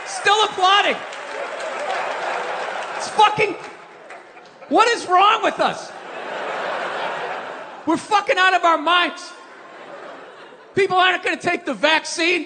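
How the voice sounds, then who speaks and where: A man doing a stand-up rant on stage, cursing freely and yelling his punchlines while mocking people in put-on voices. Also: very high-pitched. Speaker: stand-up comedian. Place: large comedy venue with a live audience. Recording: live stage recording, long hall reverb, crowd noise.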